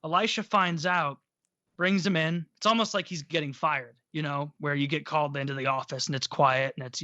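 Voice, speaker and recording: Irreverent, bright-voiced man telling a story. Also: fairly high pitch, steady tone, moderate pace, dry recording. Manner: irreverent, profane, joking. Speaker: podcast host. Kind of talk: casual storytelling. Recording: dull dry recording.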